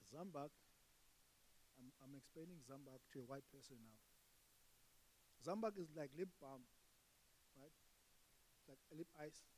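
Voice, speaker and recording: A young man with a South African accent works a comedy crowd in a fairly high voice. He bursts out loudly at the punchlines, then drops into hushed asides. He chats back and forth with people in the audience. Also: a little hiss or hum, rough recording. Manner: animated, swings between loud outbursts and hushed asides. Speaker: stand-up comedian. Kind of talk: stand-up comedy with crowd work.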